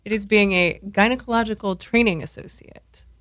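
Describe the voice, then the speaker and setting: Woman guest, mid-pitch, friendly and plain-spoken in casual chat. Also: fairly quick, a bit bright.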